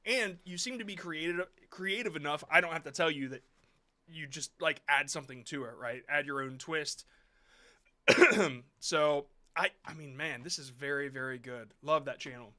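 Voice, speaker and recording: A man's voice: a little high, moderate pace, pushed and bright. A man hosting a live stream, reviewing viewer shorts in blunt, rambling casual talk with some swearing.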